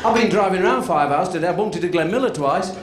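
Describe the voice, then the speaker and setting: A man's voice: high voice, animated, fast, very noisy. A male comedian doing a rambling live stand-up routine, chuckling at his own jokes on a club stage. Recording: echoey live club, loud crowd laughter.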